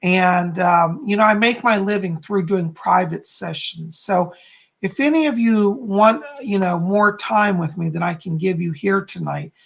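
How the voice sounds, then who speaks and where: A chatty man hosting a live stream, his voice carrying a gravelly edge. He talks casually and upbeat, calling out viewers' names and cheering them in. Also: high-pitched, a bit bright. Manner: chatty and upbeat, greeting viewers by name with frequent yays.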